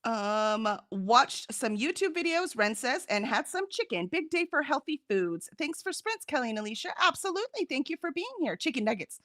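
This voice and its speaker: A woman co-hosting a reading stream in casual chat, reading out viewer comments with animated, laughing energy. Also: high-pitched, normal speed, few pauses, no room sound, studio quality. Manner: animated, chatty, laughs often. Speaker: co-host of a reading sprint stream.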